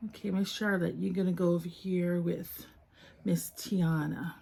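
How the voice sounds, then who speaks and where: A woman chatting casually while unboxing toys, soft-spoken and gushing, often dropping to a whisper. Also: on the low side, steady tone, a little slow, gravelly, slightly rough. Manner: gushing over each toy. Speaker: toy collector vlogger.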